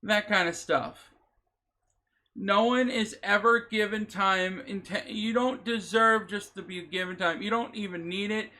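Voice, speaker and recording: A man's voice: high-pitched, unhurried, bright, forceful tone. A man giving emotional, emphatic vlog commentary, repeating himself and swearing as he talks. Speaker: vlogger. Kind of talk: impassioned reaction commentary.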